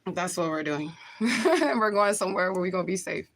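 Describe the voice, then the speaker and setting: A woman's voice: fairly low pitch, animated, moderate pace. A woman talking casually into the camera on a livestream, emotional and blunt, swearing freely and laughing often.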